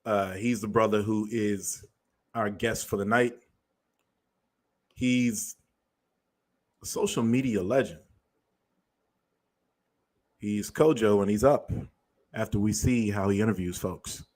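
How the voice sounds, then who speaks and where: A man's voice: on the low side, slow pace, long pauses, darkish tone. A man hosting a show, delivering a blunt, profane commentary monologue. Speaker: show host.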